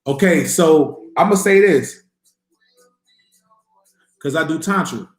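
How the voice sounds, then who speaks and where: A man with a high voice hosting a casual livestream, talking in loose, profane bursts and acting out what he and others said. The sound is echoey, like a bare room. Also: slow. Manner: profane, animated storytelling with voiced quotes. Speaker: livestream host answering viewer questions.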